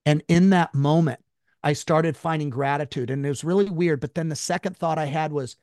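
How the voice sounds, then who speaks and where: A high-strung man speaks bluntly and with force, swearing freely as he tells his own story in an interview. His voice sits a little high for a man. The sound is close and dry, with no room echo. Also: fast, a little mellow. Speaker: guest.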